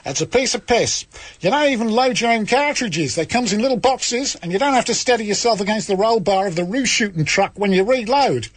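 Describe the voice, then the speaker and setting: Bloke doing a mock aussie farm girl, husky, high and bouncy, bragging about the army. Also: expressive, fairly quick, dry recording. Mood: boastful. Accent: mock Australian. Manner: boastful, reading a letter home. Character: tough young Australian farm girl in the army.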